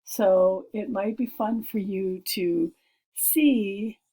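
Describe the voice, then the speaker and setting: A woman's voice: medium pitch, very slow, mellow, rough recording. A woman teacher reading a screenplay aloud to young pupils and explaining it step by step, with many fillers and asides.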